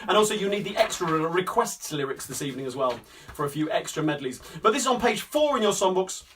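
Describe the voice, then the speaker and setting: A man's voice: high-pitched, big pitch swings, fast talker, fairly bright tone. A man from hosting a live sing-along, chatting upbeat and rambling with lots of fillers. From Coventry, England. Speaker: singer and host of a live-streamed sing-along. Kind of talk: chatty live-stream banter between songs. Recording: distant mic with guitar playing.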